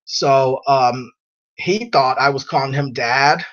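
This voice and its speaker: A man's voice: medium pitch, slow pace, fairly bright tone. A man hosting a casual chat, reading out viewer comments and rambling through personal stories, laughing often. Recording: dull lo-fi sound.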